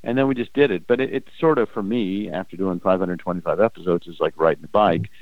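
An older man and former game show host, telling animated anecdotes in a casual interview, often acting out quoted voices. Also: low-pitched, fast talker, dry recording, narrow, tinny audio.

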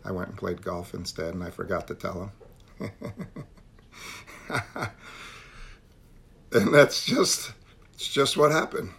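A man's voice: deep voice, lively intonation, slow, gravelly, pauses often, fairly bright tone, slightly rough. A man leading a recovery meeting on a call, talking earnestly and repeating phrases for emphasis. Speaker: meeting leader.

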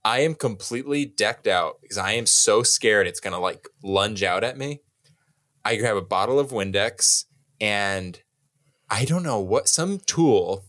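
Young man, podcast co-host, lowish voice, animated storytelling, swears casually. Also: a little slow. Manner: animated, profane, self-mocking storyteller.

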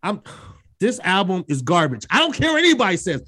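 A woman co-hosting a podcast, giving her take in casual chat; she is emphatic and profane, and she acts out her own reactions in sudden high yelps. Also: sing-song, brisk, a bit bright, husky. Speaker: podcast co-host. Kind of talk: casual music review chat.

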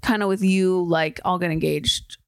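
A woman's voice: lowish voice, steady tone, moderate pace, clear, resonant tone, dry recording, studio quality. A young woman co-hosting a podcast in casual, rambling chat, laughing often and saying "like" a lot. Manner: giggly, rambling, full of "like". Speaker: podcast co-host.

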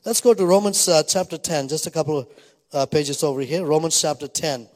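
A man's voice: on the high side, a little fast, a little mellow. A middle-aged male pastor preaching a sermon, telling stories and punctuating them with hallelujahs and praise God. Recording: reverberant hall.

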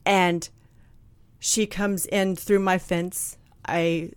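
A woman telling a personal story in a candid, blunt, animated way, acting out what people said. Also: fairly low pitch, extremely slow, clear, resonant tone, no echo. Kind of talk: casual storytelling chat.

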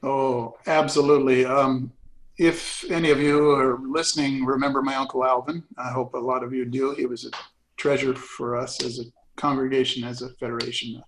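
A man's voice: medium pitch, level tone, normal speed, poor audio. An older man, a retired pastor, telling folksy stories with frequent laughs in a casual conversation.

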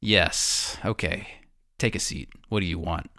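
A man's voice: low voice, fairly even intonation, measured pace, sharp tone, no room sound, clean studio sound, full character voice. A man voicing a portly older merchant lord who is curt and dismissive, in a tabletop game.

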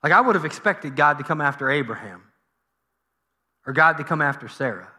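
A man's voice: on the high side, animated, fairly quick, sharp tone. A middle-aged man preaching a sermon in a conversational way, with frequent fillers and restarts. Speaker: pastor.

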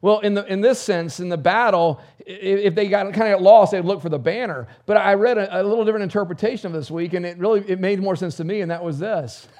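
A middle-aged man preaching a sermon, with fervent bursts that drop into soft, low prayer. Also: fast. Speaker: pastor.

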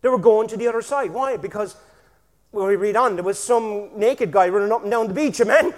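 A man preaching energetically in a church, with bursts of shouting and a constant "amen?". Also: high voice, a little fast, in a large hall. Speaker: pastor. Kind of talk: sermon.

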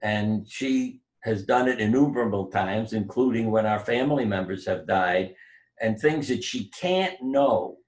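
Older man telling stories, low voice. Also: unhurried, rough recording. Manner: animated storyteller, acts out quoted voices. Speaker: guest, doctor and author. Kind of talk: storytelling interview.

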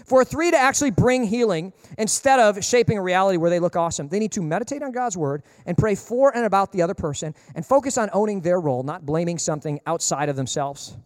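A man preaching a sermon as pastor, emphatic and humorous, acting out people in quick asides. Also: high voice, expressive, studio quality. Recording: long reverb of a large hall.

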